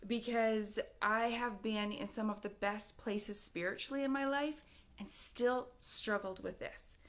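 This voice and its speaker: A woman's voice: medium pitch, steady tone, measured pace, a bit bright. A middle-aged woman telling her own story in a personal video, candid and rambling, laughing often between thoughts. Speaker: vlogger. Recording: dull lo-fi audio.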